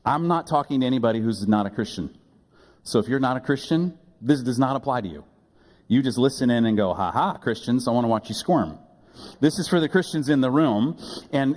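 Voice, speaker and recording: A man's voice: mid-range voice, darkish tone. A male pastor giving a conversational sermon, mixing humor with quoted voices to a church congregation. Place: church sanctuary with live audience. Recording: long hall reverb.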